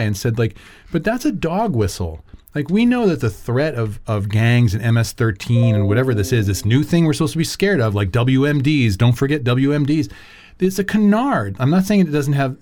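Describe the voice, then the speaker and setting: A man co-hosts a casual political chat in an average-pitched voice. He thinks aloud, pausing and restarting his sentences. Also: darkish tone. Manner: reflective, lots of fillers and restarts. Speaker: podcast co-host.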